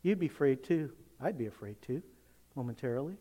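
A man preaching a sermon as pastor, emphatic, moving between hushed asides and loud, excited passages. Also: mid-range voice, brisk. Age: adult, teenage years long past.

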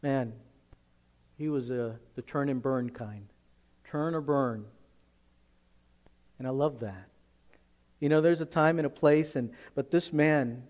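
A male pastor preaching a sermon emphatically, swinging from loud, forceful lines to hushed ones. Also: on the high side.

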